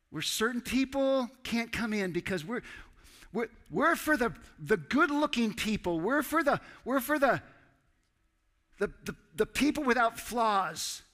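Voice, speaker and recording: A man preaching a sermon as pastor, animated and acting out dialogue with sudden loud outbursts. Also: high-pitched. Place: church sanctuary. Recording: church hall with long reverb.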